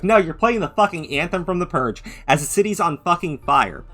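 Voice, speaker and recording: A man's voice: high voice, fast, few pauses, fairly bright tone, soft background music. A man hosting an angry reaction commentary, ranting with heavy profanity and mocking others in put-on voices. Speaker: commentary channel host.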